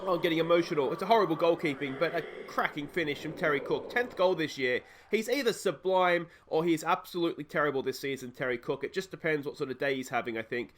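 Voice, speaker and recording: A young Australian man with a hoarse voice from a cold, casually commentating his football management game and rambling between bursts of excitement when his team scores. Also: fairly high pitch, fast, few pauses, a little hiss or hum. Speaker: let's play host.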